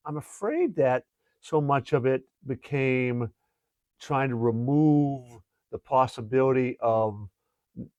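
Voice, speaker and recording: A man's voice: medium pitch, a little mellow, dry recording. A man hosting a podcast interview, speaking in a thoughtful, hedging way. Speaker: podcast host, coach. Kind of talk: casual interview chat.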